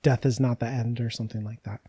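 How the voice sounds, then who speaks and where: Mellow-voiced joking man in casual chat. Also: mid-range voice, little pitch movement, quick pace, husky, dry recording, studio quality. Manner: joking, laughs often, rambling asides. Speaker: podcast co-host. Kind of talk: casual book-club chat.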